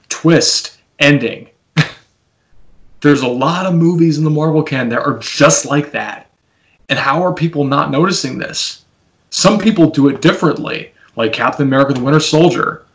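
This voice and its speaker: A man's voice: medium pitch, fairly bright tone, rough recording. A man hosting a casual film podcast over a video call, rambling, laughing often and acting out what people say. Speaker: podcast host.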